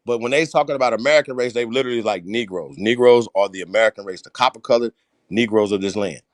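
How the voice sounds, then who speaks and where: A man with a fairly low voice hosts a political livestream at a quick clip. He talks bluntly and emphatically, swearing a lot.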